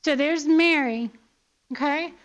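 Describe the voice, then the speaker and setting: A woman with a high-pitched voice speaks slowly as she teaches a Bible lesson in church. Earnest in tone, she asks her listeners pointed questions and often checks in with "okay?".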